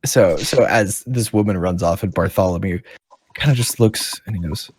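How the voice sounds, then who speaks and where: A male game master narrating a tabletop session in a casual, loose way. His voice is low and husky, with a dry sound and no room echo. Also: moderate pace, darkish tone. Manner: casual, with fillers and restarts.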